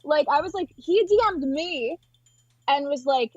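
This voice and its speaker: Young female guest, casual storyteller, breathy, high voice, dead-dry sound. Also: no room sound, highs cut off. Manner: quick, offhand, full of "like" and quoted dialogue. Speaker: interview guest.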